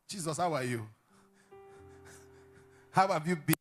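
A male pastor preaching a sermon, emphatic, with sudden shouted lines and questions thrown to the congregation. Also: fairly high pitch, unhurried, pauses often, faint music behind.

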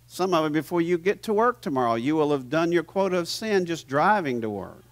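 A man preaching a sermon as pastor in a church, animated and teasing his congregation, swinging from hushed to loud. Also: fairly high pitch, brisk. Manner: playful, teases the audience.

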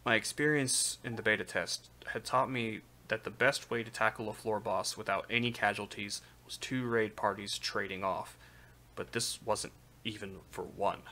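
A man reading a light novel aloud on a live stream, steady narration with occasional slips. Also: fairly low pitch, normal speed.

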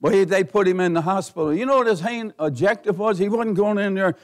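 A middle-aged man preaching a sermon as pastor, folksy and given to chuckles, rising to near-shouting as he presses his points. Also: high-pitched, fast. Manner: folksy, laughs often, builds to near-shouting.

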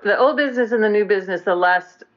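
A woman's voice: mid-range voice, fast talker, a little hiss or hum. A woman with a Boston accent chairing a committee meeting, chatty and often correcting herself. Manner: chatty, self-correcting, laughs easily. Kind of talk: meeting discussion. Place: meeting room. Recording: dull lo-fi local TV audio.

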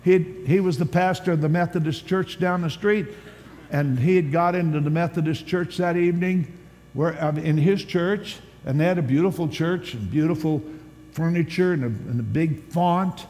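A man preaching a sermon as a pastor at a church conference, telling stories with animated swings from loud to hushed. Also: on the high side, moderate pace. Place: large church hall at a conference. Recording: long hall reverb, faint background hiss.

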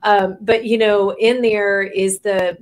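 A woman's voice: medium pitch, flat delivery, takes it slowly. A woman talking casually as an interview guest about her daughters, chatty and giggly. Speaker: guest, mother of the singers. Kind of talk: casual chat.

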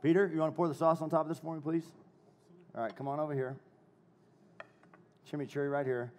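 A man's voice: on the high side, fairly even intonation, fast, a little mellow. A man giving a live cooking demo to a crowd, brash and joking, swearing freely and hyping people up.

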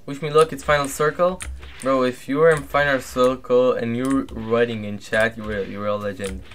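A young man giving casual, low-key commentary while livestreaming a game, now and then flaring up at opponents. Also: steady tone, moderate pace, faint music behind. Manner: laid-back and low-key, flares up loud and angry at opponents. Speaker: streamer.

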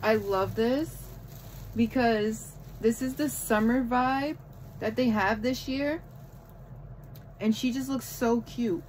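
A woman vlogging a shopping haul from home in casual chat, gushing and excitable over each item. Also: on the high side, takes it slowly, pauses often, a little hiss or hum, poor audio. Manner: gushing, excitable, repeats "oh my goodness".

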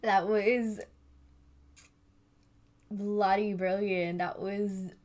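A young woman reacting to a music video in a casual vlog, gushing and excitable, often repeating herself and swearing casually. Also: mid-range voice, drawn-out words.

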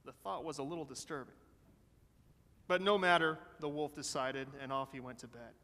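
A man pastor telling a story during a sermon in an animated way, voicing the characters as he goes. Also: a little high, moderate pace. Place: church sanctuary. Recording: long church hall reverb.

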